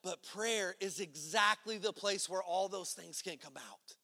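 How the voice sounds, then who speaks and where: A man preaching a sermon as pastor, in a conversational style that swings between loud emphatic lines and hushed low ones. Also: a little slow, creaky, in a large hall.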